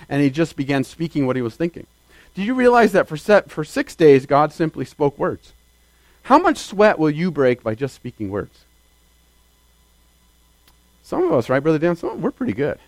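A man delivers a sermon in a loose, conversational way, tossing rhetorical questions to the congregation. His voice sits a little higher than most men's, and it lifts sharply when he stresses a point. The sound is dry and close, with little room echo. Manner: conversational preaching with rhetorical questions and sudden emphatic rises. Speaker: preacher.

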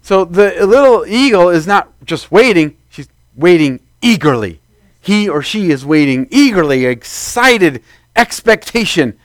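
Male pastor, high-pitched, dry close sound; casual sermon delivery with acted-out quotes. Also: expressive, a little slow, no echo. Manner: conversational preaching, acts out quoted voices.

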